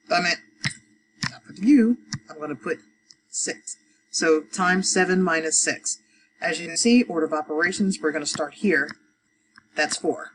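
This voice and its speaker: A woman's voice: sits low, noisy background. A woman teaching adult education math, talking through each step of a problem, counting aloud, with frequent fillers.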